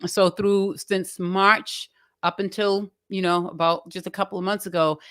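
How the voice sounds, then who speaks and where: A woman singer answering interview questions in a relaxed way, with lots of fillers and pauses as she searches for words. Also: mid-range voice, dry recording, studio quality. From Cape Verdean community, New Bedford area. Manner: many fillers, searching for words, quick laughs. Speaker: singer and entertainer, interview guest.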